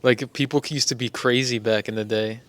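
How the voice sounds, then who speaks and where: A young man in casual podcast talk, with a mid-range voice and a relaxed, offhand delivery. He reacts with short remarks and laughs. The recording is dry and close. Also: mid-range voice, fairly quick, no echo. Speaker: podcast co-host. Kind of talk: casual chat.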